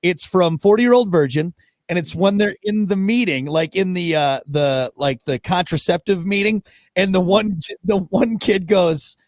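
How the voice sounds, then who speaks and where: High-voiced rambling man chatting. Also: a little slow, no room sound, clean studio sound. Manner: rambling, trails off and restarts, laughs a lot. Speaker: podcast co-host. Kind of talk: casual chat.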